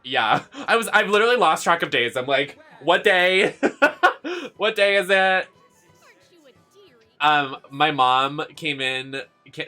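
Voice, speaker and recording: A young man streaming a video game live, chatting casually in an excitable, giggly, gushing way. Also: medium pitch.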